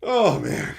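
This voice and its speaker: A man from Canada hosting a livestream, ranting at viewers with heavy swearing, sarcasm and shouted outbursts. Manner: mocking, sarcastic. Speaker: livestream host.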